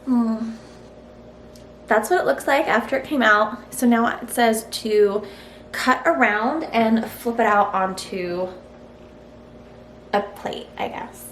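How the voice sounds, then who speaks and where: A woman's voice: on the high side, takes it slowly, pauses often, fairly bright tone. A woman testing a recipe in her home kitchen for a cooking vlog, chatty and frank, thinking aloud as she goes. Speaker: cooking vlogger. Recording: roomy kitchen echo, faint hiss.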